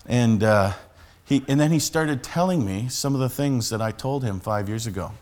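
A man's voice: mid-range voice, normal speed, darkish tone. A man, a street preacher telling a story and teaching in a conversational sermon style with many restarts.

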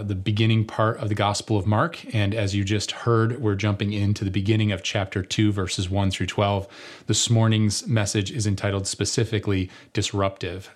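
A man, a lead pastor, giving a sermon in a conversational storytelling way. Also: on the low side.

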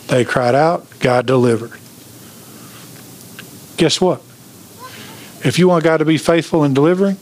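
A male pastor with a medium-pitched voice preaches an emphatic sermon, putting questions to the congregation.

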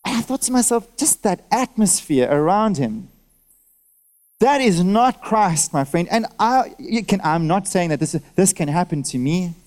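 A man preaching a sermon to his church, lively and direct, throwing out rhetorical questions and asking the congregation for nods and amens while wearing a mask. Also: high-pitched, unhurried. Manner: talks directly to listeners, asks for nods and amens. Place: church service.

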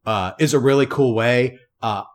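A man's voice: mid-range voice, normal speed. A man co-hosting a podcast in casual chat, playful and joking, laughing often. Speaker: podcast co-host.

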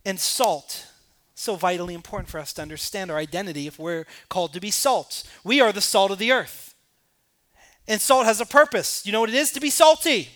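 A man preaching a sermon as pastor, rising to emphatic peaks and dropping to quiet asides. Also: sits high, a little fast.

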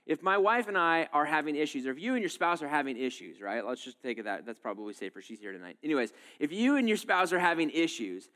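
A man in his thirties preaching a sermon in a casual, animated way, full of fillers and asides. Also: fairly high pitch, quick pace, hardly any pauses. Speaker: pastor.

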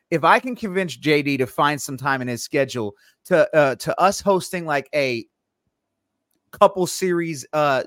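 An emphatic man co-hosting a live podcast, his voice sitting a little high and heard close and dry with no room around it. He argues with energy and keeps slipping into short imagined exchanges. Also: fairly bright tone, no echo. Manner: emphatic, acts out quick imagined dialogue. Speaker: podcast co-host. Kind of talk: animated live-stream podcast talk.

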